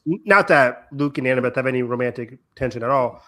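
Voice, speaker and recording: A young man with a deep voice co-hosting a podcast, chatting casually in an excitable, joking, rambling way. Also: quick pace. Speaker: podcast co-host. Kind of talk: casual chat.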